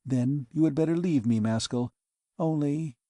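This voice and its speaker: A man's voice: fairly high pitch, moderate pace, dark tone, no echo, clean studio sound, pitched above the performer's own voice, lightly acted. A man reading an audiobook, voicing a bold, scheming alien woman in a lightly raised voice. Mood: challenging.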